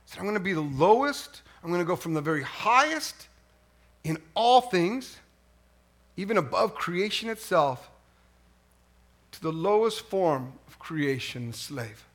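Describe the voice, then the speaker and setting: A middle-aged man preaching a sermon as pastor, animated and swinging from hushed lines to near yelling. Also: high voice, measured pace.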